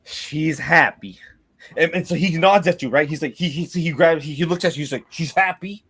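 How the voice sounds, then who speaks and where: Brief: high-pitched male game master, loose rambling narration. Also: fast talker. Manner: rambling, many restarts.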